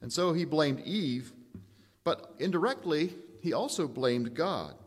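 A man preaching a sermon in a measured, emphatic way, asking rhetorical questions. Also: on the high side, expressive, slightly rough, in a large hall.

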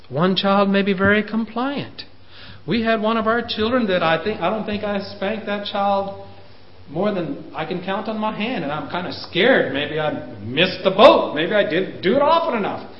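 A man in his fifties lecturing parents, animated, pushing his voice up for emphasis and chuckling at himself. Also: sits high, a little slow. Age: 50s. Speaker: speaker on parenting. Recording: roomy, dull lo-fi recording.

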